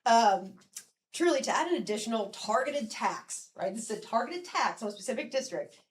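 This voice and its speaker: A woman's voice: a little high, big pitch swings, fairly quick, slight background noise. A woman in her forties gives a firm, persuasive public comment at a council meeting, congested and short of breath, with frequent ums.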